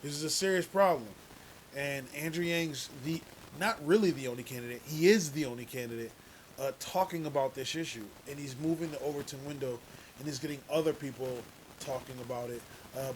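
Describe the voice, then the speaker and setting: A man's voice: medium pitch, noisy background. A man talking casually to his viewers in a political vlog, rambling a little and restarting his sentences. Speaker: vlogger. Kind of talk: casual political commentary to camera.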